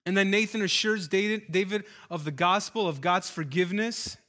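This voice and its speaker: A man's voice: sits high, normal speed, bright, forceful tone. A man preaching a sermon as pastor of his church, speaking earnestly and building to emphatic, repeated exhortations.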